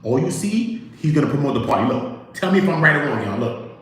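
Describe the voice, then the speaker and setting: A man with a slightly high voice talks fairly quickly while hosting a casual livestream, animatedly telling stories, acting out quotes, and chatting with his viewers. The audio is poor and very echoey.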